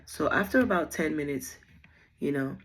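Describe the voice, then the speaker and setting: A woman's voice: sits low, lively intonation, normal speed, fairly bright tone, breathy edge. A young mother telling her birth story at home in a chatty, rambling way, full of fillers. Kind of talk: casual storytelling vlog.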